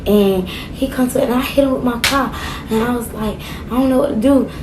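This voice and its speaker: A woman tells a personal story straight to the camera. Her voice sits a little high, and she acts out each quoted line with lively shifts. A faint hiss of noise sits under the recording. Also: a little fast. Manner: animated, acts out quotes, slangy. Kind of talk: casual storytime monologue.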